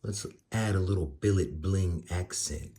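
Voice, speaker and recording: A man's voice: low-pitched, a little slow, dark tone. A man hosting a casual build tutorial, folksy and playful, with bursts of exclamation. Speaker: RC car builder, channel host.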